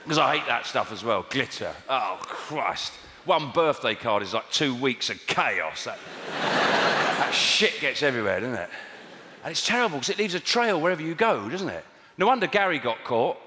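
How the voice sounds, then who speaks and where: A man's voice: mid-range voice, very animated, moderate pace, heavy background noise. A man doing a stand-up routine, wry and exasperated, with bursts of mock outrage. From England. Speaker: stand-up comedian. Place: large theatre stage with live audience. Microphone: stage mic. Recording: echoey hall with loud audience laughter.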